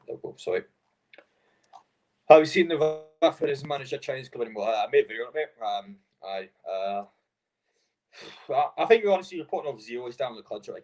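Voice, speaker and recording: Young male streamer, low husky voice, loose and profane, full of fillers. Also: a little mellow. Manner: frustrated, swearing, rambling with fillers. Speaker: live stream host. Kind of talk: casual football watchalong chat.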